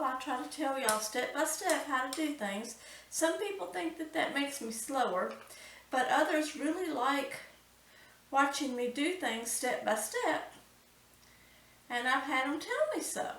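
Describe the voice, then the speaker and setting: A woman's voice: sits high, fairly bright tone, roomy sound, distant mic, poor audio. A woman hosting a cooking channel, talking through a recipe step by step and exclaiming with delight.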